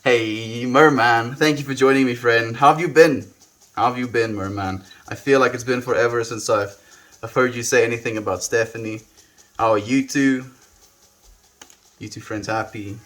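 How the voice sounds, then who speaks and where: A young South African man chatting softly and reflectively with viewers on a live stream, often trailing off with "you know". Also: medium pitch. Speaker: livestreamer. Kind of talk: casual live-stream chat.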